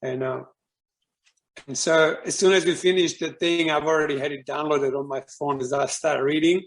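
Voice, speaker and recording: Guest speaker, male, gravelly, rambling personal story talk. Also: on the high side, steady tone, moderate pace. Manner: rambling, with many fillers and restarts.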